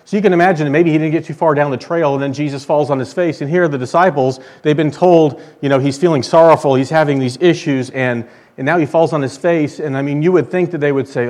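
A male preacher delivers a sermon in a conversational, earnest tone. When he reads scripture, he slows down and lets each phrase land. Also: fairly high pitch, a little mellow.

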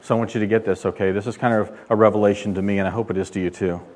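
A male pastor delivering a sermon, emphatic, rising and getting louder when he quotes God. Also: lowish voice, fairly even intonation, racing. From California. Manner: emphatic preaching, loud when quoting God.

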